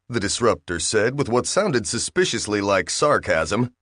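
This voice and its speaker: Male audiobook narrator, low, steady read, dry close sound. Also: a little slow, no echo. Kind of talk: scripted narration.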